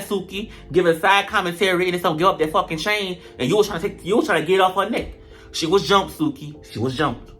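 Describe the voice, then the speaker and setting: A reality show reviewer talking in a casual commentary vlog, animated and profane, retelling scenes dramatically. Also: mid-range voice.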